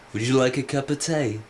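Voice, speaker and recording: A man's voice: medium pitch, unhurried, noisy background, pitched above the performer's own voice, natural voice. A man putting on a stereotyped chatty British man in a mock British accent, with breezy mock politeness.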